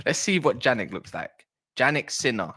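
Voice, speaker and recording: Husky and mid-range, this man's voice leads a casual football livestream. The South East London host is chatty, shouting out viewers and reading the chat aloud.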